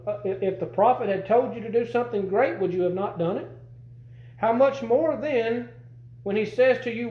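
Folksy high-voiced man preaching in an echoey church. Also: a little mellow. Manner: folksy, conversational preaching with rhetorical questions. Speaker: pastor. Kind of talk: sermon.

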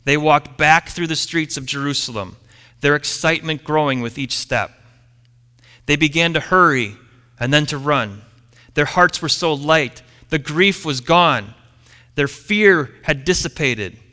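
A man preaching a sermon, retelling a story with dramatic pauses and letting line ends fall quiet. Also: fairly high pitch, expressive, long reverb tail. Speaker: pastor.

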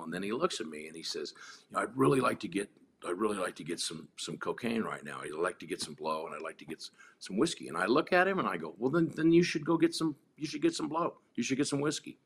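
A man's voice: deep voice, animated, quick pace, fairly bright tone, a little hiss or hum. A man telling a story in an interview, blunt and profane, acting out the voices of the people in it. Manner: blunt, profane, acts out quotes with rising intensity. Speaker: podcast guest.

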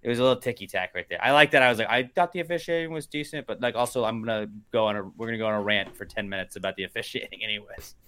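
A man's voice: on the low side, racing, few pauses, pushed and bright. A man co-hosting a casual podcast chat, ranting and rambling with lots of fillers. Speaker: podcast co-host.

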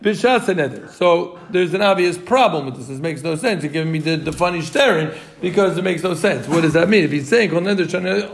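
A man teaching a Talmud class, animated and quick, repeating points for his students. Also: on the high side, creaky.

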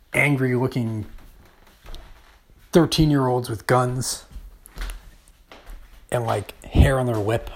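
A man's voice: medium pitch, gravelly, slight background noise. A man hosting a podcast, telling a travel story in a wry, rambling monologue full of fillers. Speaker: podcast host.

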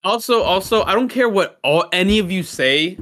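A man's voice: high voice, expressive, normal speed, fairly bright tone. A young man co-hosting a podcast in casual chat, ranting with heavy swearing and emphasis. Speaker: podcast co-host.

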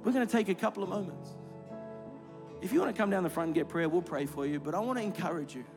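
High-voiced preaching man over music. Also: quick pace. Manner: rising, emphatic preaching with repeated phrases. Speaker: executive pastor. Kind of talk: sermon with closing prayer. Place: large church auditorium. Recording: clear music playing under the voice.

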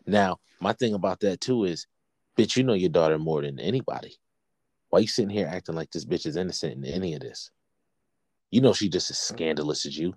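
A low-pitched man in his thirties tells a story with swearing and heat. He recorded it in a dry, close space with no room sound. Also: no room sound. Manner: profane, animated storytelling. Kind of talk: casual storytelling chat.

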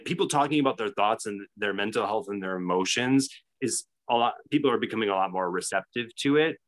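A man co-hosting a podcast, telling a story in casual chat with many restarts. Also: fairly low pitch. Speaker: podcast co-host.

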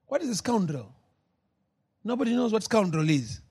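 A man preaching a sermon as pastor, moving between shouted, drawn-out lines and low, quiet asides. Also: animated, husky.

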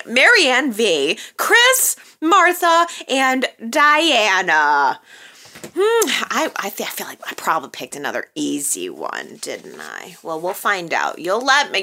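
A woman's voice: mid-range voice, pushed and bright. A woman hosting a soap opera chat show, talking casually to her viewers with a chatty, teasing manner and frequent laughs. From American Midwest and Texas. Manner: chatty, laughs often, playful teasing asides.

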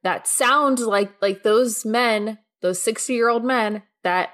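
A young woman hosting a podcast, chatting casually and speeding up in quick bursts when she gets worked up. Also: fairly high pitch, a bit bright. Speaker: podcast host.

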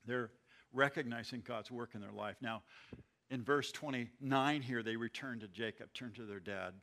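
Bright-voiced man teaching a sermon. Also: medium pitch, normal speed. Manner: conversational, explains as he reads, restarts words. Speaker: Bible teacher. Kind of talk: verse-by-verse sermon.

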